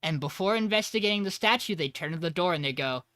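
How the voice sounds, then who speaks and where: A man's voice: sits high, animated, quick pace, bright, forceful tone, no room sound, studio quality. A man co-hosting a podcast, casually retelling a tabletop game session and acting out quoted lines. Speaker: podcast co-host. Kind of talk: casual storytelling recap.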